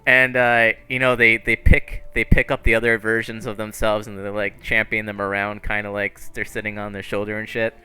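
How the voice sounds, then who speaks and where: A man's voice: fairly low pitch, little pitch movement, a little fast, hardly any pauses, bright, forceful tone, clear, resonant tone. A man narrating a tabletop game as game master, laid-back and full of fillers. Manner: laid-back, filler-heavy, laughs often.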